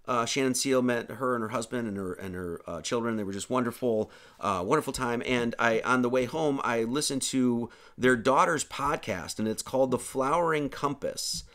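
A pastor who also hosts the show rambles through the casual closing announcements of an online sermon, joking around with plenty of fillers and restarts. His mid-range voice is fairly bright, at normal speed with few pauses.

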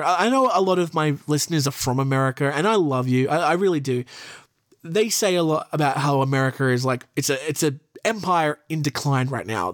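A man's voice: on the high side, no echo, studio quality. A young man hosting a podcast, reading from a list and breaking off into profane, sarcastic asides. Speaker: podcast host. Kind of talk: casual commentary reading from a list.

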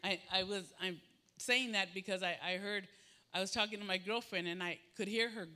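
A man's voice: sits high, moderate pace, pushed and bright. A man preaching a sermon, emphatic and repetitive, swinging his voice up and down as he acts out what people say.

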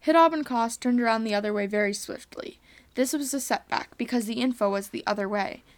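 A woman's voice: on the high side, brisk. A woman earnestly reading a homemade space adventure story aloud.

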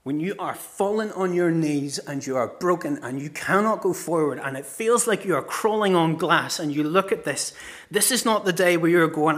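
A middle-aged man, a pastor preaching a sermon with passionate storytelling, moving from loud cries to hushed words. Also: on the high side, moderate pace.

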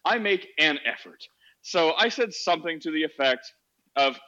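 A man's voice: fairly high pitch, expressive, a little slow, long pauses, sharp tone, highs cut off. A man hosting a podcast, telling a story in a sarcastic, laughing, casual way on a social audio app. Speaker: podcast host.

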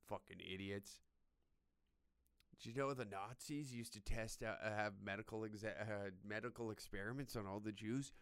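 Young man, crude sarcastic rant, smooth voice, close mic. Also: on the low side, unhurried, a bit bright, no echo. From Canada. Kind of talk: profane comedic rant.

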